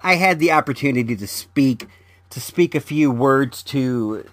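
A man hosts a podcast in a mid-pitched, everyday voice, chatting loosely and stumbling over his words, often saying them twice before he goes on. The sound is close and dry, with no room echo. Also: expressive, a bit bright. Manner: halting, repeats words, rambling. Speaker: podcast host. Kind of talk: casual chat.

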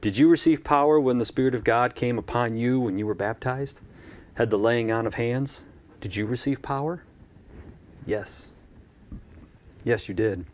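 A man's voice: mid-range voice, moderate pace, pauses often. A man preaching a live-streamed church sermon in a conversational way, with asides and repeated phrases.

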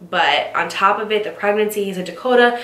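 A young woman candidly telling a story about a past relationship at home, speaking in quick bursts and then slowing down when emotional. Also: medium pitch, a bit bright. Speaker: storytime vlogger. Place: at home, facing the living room. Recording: roomy echo, distant mic.

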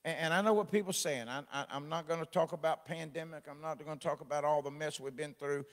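A man preaching a midweek sermon, folksy and joking, swelling into loud exhortation. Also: on the high side, fast, in a large hall. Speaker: pastor. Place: church sanctuary.

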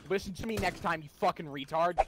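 A man's voice: high-pitched, quick pace, heavy background noise. A man giving angry, insulting callouts to his teammates over game voice chat.

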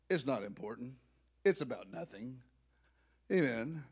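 A male pastor preaching a sermon in a church, emotional and excitable, rising to loud outbursts. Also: medium pitch, moderate pace, husky. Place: church sanctuary.

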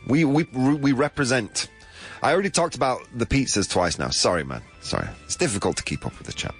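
A man's voice: mid-range voice, expressive, brisk, faint music behind. A British man hosting a live show, reading out viewer answers in a playful, teasing way. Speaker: show host.

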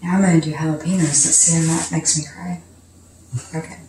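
A woman's voice: deep voice, steady tone, fairly quick, dark tone, a little hiss or hum. A woman hosting a home cooking video, chatting casually and laughing often as she cooks. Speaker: cooking show host. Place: home kitchen. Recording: echoey kitchen with music.

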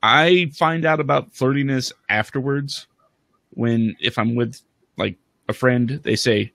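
A man's voice: medium pitch, a little slow, vocal fry, a bit bright, no echo. A man on a panel speaks in a hesitant, reflective way about meeting people. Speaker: panel guest. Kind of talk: casual panel chat.

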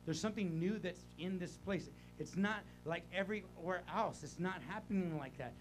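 An older man preaching a sermon in a church, animated, rising to shouts and dropping to quiet talk. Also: high-pitched, normal speed, slight background noise. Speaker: pastor. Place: church sanctuary.

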